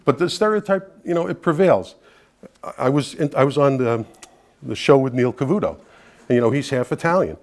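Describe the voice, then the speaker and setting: A man talks earnestly to a room of listeners in a mid-range voice, neither high nor low. He speaks conversationally and sounds persuasive, often slipping in asides as he makes his case. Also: a little fast. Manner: earnest, persuasive, with frequent "you know" asides. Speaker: advocacy group leader giving a talk. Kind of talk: conversational speech to an audience.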